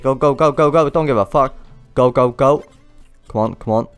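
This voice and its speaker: A man playing a stressful game and commenting, swearing and yelling frantic exclamations as he goes, sounding out of breath. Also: mid-range voice, normal speed, smooth, no echo, soft background music. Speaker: gaming channel host. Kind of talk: let's play commentary.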